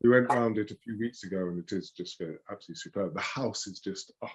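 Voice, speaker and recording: A man speaking as a rose expert in a casual chat, hesitant with many fillers, often trailing off softly. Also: on the low side, quick pace, muffled recording. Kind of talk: casual video-call chat.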